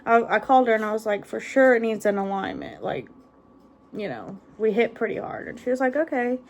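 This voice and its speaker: A woman's voice: on the high side, expressive, a little fast, slight background noise. A woman, chatting casually in a rambling vlog and laughing often. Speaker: vlogger. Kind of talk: casual chat.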